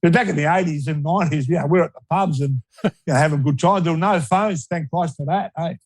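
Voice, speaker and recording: Older Australian ex-footballer guest, rambling and repetitive, a bit high-pitched, dry sound. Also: male voice, brisk, no echo, poor audio. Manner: rambling, repeats words, laughs easily. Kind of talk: casual storytelling interview.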